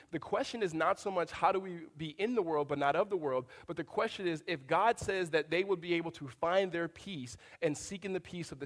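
High-voiced man preaching in a reverberant hall. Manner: conversational preaching with humorous asides. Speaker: pastor. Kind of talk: sermon.

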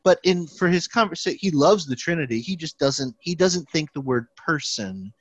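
A man's voice: fairly high pitch, normal speed, husky, dry recording. A young man, a theology student, chatting casually and rambling with many restarts and fillers. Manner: rambling, lots of restarts and fillers, animated when quoting people. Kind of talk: casual podcast chat. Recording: dry, slightly dull recording.

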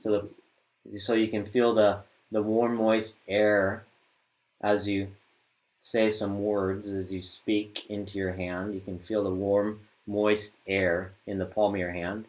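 Patient male teacher, slightly low voice, walks learners through sounds with halting restarts. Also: level tone, darkish tone. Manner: patient, hesitant, demonstrates sounds aloud. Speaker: Sanskrit recitation teacher. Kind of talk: step-by-step pronunciation lesson.

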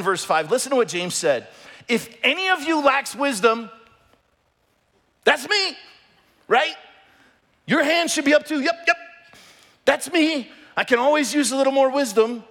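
A middle-aged man preaching a sermon as pastor, passionate and emphatic, often lifting his voice close to a shout. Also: extremely high pitch.

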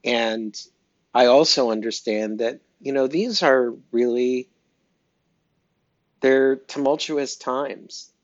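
A man speaking slowly and haltingly in a heartfelt personal audio diary, with many pauses and fillers. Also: medium pitch, steady tone, no room sound. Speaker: pet owner sharing an update. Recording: dry, dull lo-fi recording.

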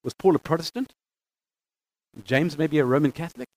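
High-voiced man teaching scripture. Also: moderate pace. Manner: animated, reads scripture aloud with emphasis, frequent restarts. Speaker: bible teacher.

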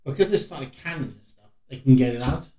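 A British man co-hosting a casual podcast, full of swearing and mock insults. His voice sits at an ordinary pitch. It comes across roomy and a bit far from the mic. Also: lively intonation, brisk, warm tone. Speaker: podcast co-host. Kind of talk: casual chat.

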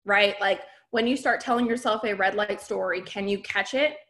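Woman coach, mid-pitched, candid and emphatic motivational talk to a group, keeps checking in with "right?". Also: normal speed, a bit bright. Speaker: podcast host and business coach.

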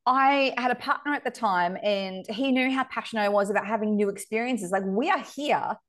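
An Australian woman telling stories in a casual interview chat, animated and laughing often, with excited squeals. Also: on the high side, a little fast. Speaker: psychic medium and shop owner, podcast guest.

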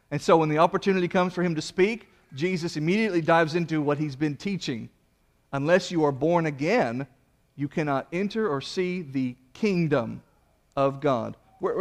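High-voiced animated male preacher. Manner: animated preaching, acting out quoted figures with rising pitch. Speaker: pastor. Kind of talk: sermon.

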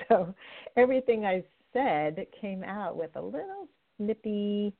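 A woman's voice: mid-range voice, expressive, unhurried. A middle-aged woman hosting a radio show as a love coach, chatting in an upbeat, direct way. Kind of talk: podcast host monologue. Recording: tinny phone-line audio.

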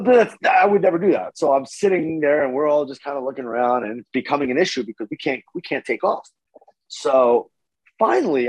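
Husky guy telling a wild story, gets loud and high when excited, swears a lot, dry sound. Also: no room sound, poor audio. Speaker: podcast guest. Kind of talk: casual storytelling.

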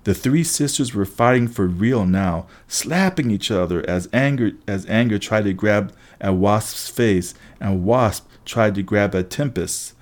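A man's voice: on the low side, a little slow, few pauses, darkish tone. A man narrating a first-person story aloud, with occasional slips and restarts. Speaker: audiobook reader.

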